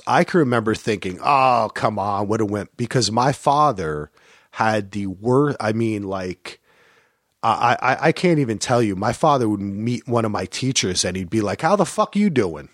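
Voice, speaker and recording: A middle-aged man chatting casually on a podcast, with a swooping, animated delivery. His voice sits at an ordinary pitch, and the sound is dry and close with no room echo. He slips into high, exaggerated voices when he acts out other people. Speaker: podcast co-host. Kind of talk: casual chat about a movie. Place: lives in Portland, grew up in New Jersey.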